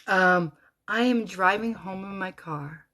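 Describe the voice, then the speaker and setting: A middle-aged woman telling a personal story as a rambling monologue, animated and swearing freely, with lots of asides. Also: medium pitch, slow pace.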